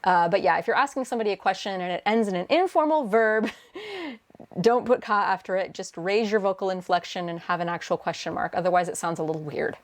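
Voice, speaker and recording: A woman's voice: medium pitch, brisk. A young woman who works as a translator, answering viewer questions in a casual vlog, chatty and full of fillers. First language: English. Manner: chatty, many fillers and restarts, laughs often. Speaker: translator and video host.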